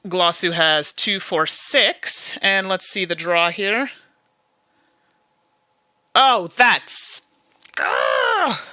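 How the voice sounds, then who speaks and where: A woman's voice: lowish voice, bright, forceful tone, no echo. A woman hosting a solo board game playthrough, chatting casually as she plays, grumbling at bad luck and laughing at herself. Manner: chatty, self-deprecating, quick to laugh and grumble. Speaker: board game channel host.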